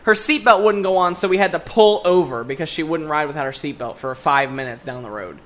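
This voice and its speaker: A young podcast co-host with a bright, sharp-edged voice tells a story as a casual rant. He swears constantly and sounds exasperated throughout. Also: fairly high pitch, fairly quick. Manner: profane, exasperated ranting. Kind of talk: casual chat, ranting story.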